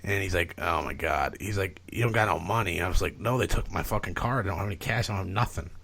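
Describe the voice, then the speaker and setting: A man's voice: deep voice, quick pace, gravelly. A man, a podcast guest, telling a long, rambling story in casual chat, swearing freely and filling gaps with "like" and "you know". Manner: profane, rambling, animated retelling with filler words.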